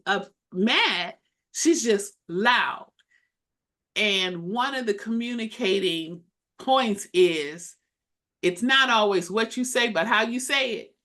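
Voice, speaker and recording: A woman co-hosting a casual faith podcast, talking loudly and emphatically with animated delivery. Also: mid-range voice. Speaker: co-host, minister.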